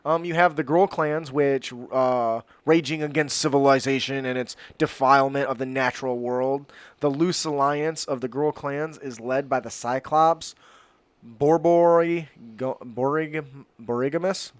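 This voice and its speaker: A man's voice: medium pitch, steady tone, normal speed, clear, resonant tone, no echo. A man co-hosting a podcast, chatting casually, joking and tripping over fantasy names as he reads. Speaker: podcast co-host. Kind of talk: casual chat reading setting notes.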